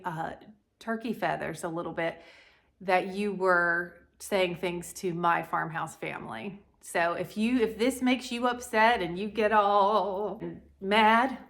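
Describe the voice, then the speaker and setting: A woman's voice: mid-range voice, fairly bright tone. Lady decorating her house on camera, bold and blunt, folksy sayings. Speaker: home decor YouTuber. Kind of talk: casual decorate-with-me vlog. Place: at home.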